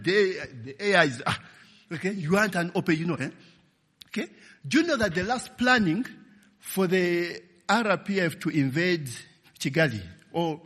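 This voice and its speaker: Male Ugandan pastor, husky voice, lively pitch swings, long hall reverb. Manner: animated, calls "okay?" and "eh?" to the audience. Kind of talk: sermon with personal stories. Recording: long echo of a large hall.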